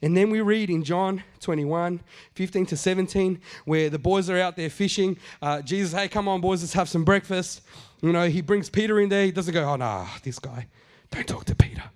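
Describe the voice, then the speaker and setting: A middle-aged man delivers a sermon in a raised, light pitch. He talks to the congregation conversationally, stumbling into asides, then drives points home by saying them twice. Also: steady tone, normal speed, few pauses. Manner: conversational preaching, repeats phrases for emphasis, acts out quotes. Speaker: pastor.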